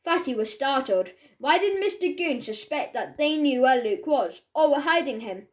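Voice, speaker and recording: High-voiced woman reading a children's story. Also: animated, moderate pace. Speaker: audiobook narrator.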